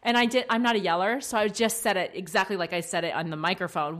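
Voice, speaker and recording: A woman's voice: medium pitch, fairly even intonation, a bit bright. Chatty woman podcast co-host. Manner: chatty, quick to laugh. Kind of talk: casual podcast chat.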